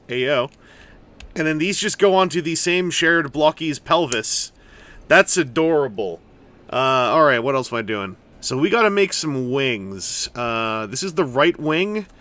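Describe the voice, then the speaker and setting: Bright-voiced man rambling through a toy build. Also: mid-range voice. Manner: rambling, self-deprecating, jokey asides. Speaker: toy reviewer. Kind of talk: casual unboxing commentary.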